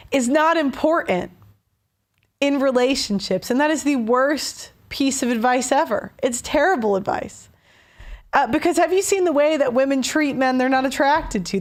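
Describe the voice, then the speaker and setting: Young woman host, high voice, blunt heated rant with restarts. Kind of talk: opinion rant on a call-in show.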